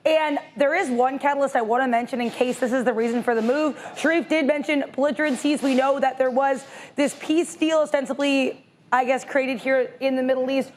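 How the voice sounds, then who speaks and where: A woman giving a brisk, clear live market news update on a trading stream. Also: high voice, steady tone, slight background noise.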